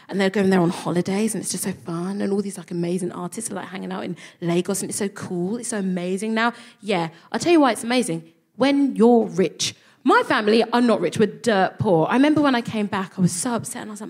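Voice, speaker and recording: A woman's voice: mid-range voice, animated, quick pace. A woman telling a self-mocking comic story on stage, acting out the voices of the people in it. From England. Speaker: comedy podcast co-host. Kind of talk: stand-up storytelling before a live audience. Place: live venue stage.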